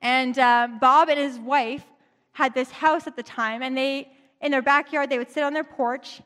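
A woman's voice: high-pitched, steady tone, moderate pace, fairly bright tone. A woman preacher retelling a story in a chatty, conversational sermon, in a church. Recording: long reverb in a large hall.

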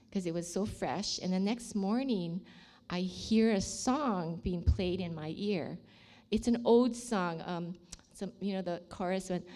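A woman's voice: mid-range voice, dark tone. An older woman sharing a personal faith testimony in an earnest, heartfelt storytelling manner.

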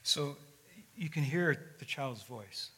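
A man's voice: medium pitch, expressive, takes it slowly, husky. Older man preaching in an echoing hall. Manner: warm, conversational storytelling with frequent fillers. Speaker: guest speaker. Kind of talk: sermon. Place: church sanctuary. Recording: long echo of a large hall.

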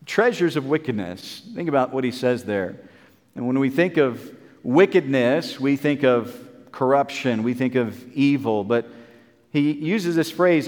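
A man's voice: medium pitch, normal speed, a little mellow, in a large hall. A man preaching a Bible sermon in an earnest, repetitive way, with many fillers and restarts.

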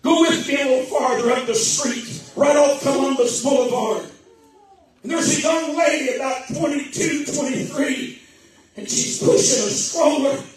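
A male preacher with a strikingly high voice delivers a fiery revival sermon, shouting one moment and dropping to a hush the next. He sounds distant from the mic, his words ringing through a big, echoing church. Music plays under him throughout. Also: slight background noise. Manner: impassioned, alternating shouts and hushed tones. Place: church sanctuary during a service. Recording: echoey church hall heard from a distance.

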